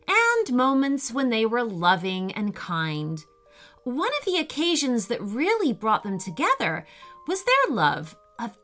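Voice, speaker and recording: A woman reading a children's story aloud in a gentle, expressive way. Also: fairly high pitch.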